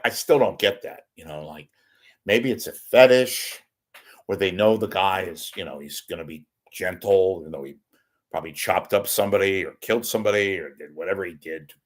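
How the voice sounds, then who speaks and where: A man hosts a live online talk show with a low-sitting voice at a normal speed. His rambling solo commentary is full of wisecracks and swings between loud outbursts and muttered asides.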